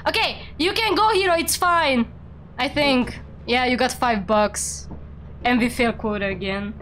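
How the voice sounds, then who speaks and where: A young woman hosting a casual game stream, playful and teasing, quick to exclaim. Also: high voice, fairly bright tone, slight background noise. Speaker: streamer and VTuber host.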